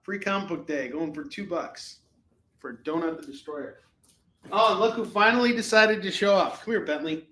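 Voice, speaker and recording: Man, livestream comic seller, rambling jokey chat, slightly high voice, roomy echo. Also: normal speed, sharp tone. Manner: rambling and jokey, with lots of fillers. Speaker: host of a live comic-book sale show. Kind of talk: casual live-stream selling chat. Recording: echoey room.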